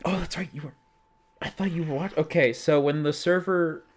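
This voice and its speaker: A man's voice: a little high, normal speed, a crowd in the background. A man hosting a livestream, chatting casually and rambling with frequent restarts and laughs. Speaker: streamer host.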